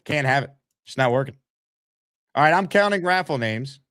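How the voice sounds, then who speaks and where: A man's voice: mid-range voice, animated, normal speed, a bit bright, clear, resonant tone, dry recording. A man hosting a live sports talk stream, teasing his guest and reading chat messages. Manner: teasing, needling, brash. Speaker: host.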